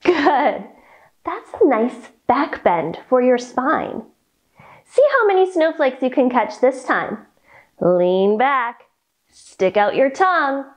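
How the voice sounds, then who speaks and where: Bright, lively kids' yoga teacher woman. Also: high voice, takes it slowly. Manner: cheerful, encouraging, speaks to young kids. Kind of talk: guided yoga storytime for children.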